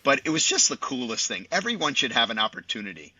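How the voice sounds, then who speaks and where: Older male sportscaster, tense bright voice, chatty storytelling, lo-fi dry sound. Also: mid-range voice, fast, slightly rough, dry recording. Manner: animated raconteur, chatty with many asides. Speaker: sportscaster guest. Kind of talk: podcast storytelling. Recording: dull dry lo-fi audio.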